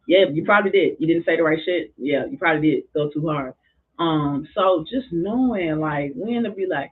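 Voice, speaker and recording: A woman's voice: deep voice, fairly quick, breathy edge. A woman who works as a school drumming therapist and basketball coach, talking passionately and expressively in a casual podcast conversation. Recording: tinny phone-like sound.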